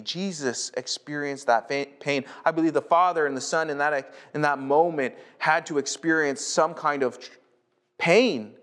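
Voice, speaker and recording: At a moderate pace and with a slightly bright voice, a male North American pastor preaches casually. Starting a thought, he often repeats words, and retelling a story sends his pitch sharply upward.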